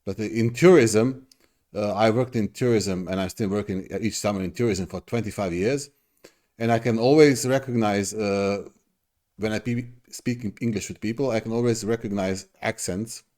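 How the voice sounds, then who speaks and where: A man's voice: fairly low pitch, normal speed, darkish tone. A middle-aged man hosting a reaction video, talking casually in an effusive, rambling way with many restarts.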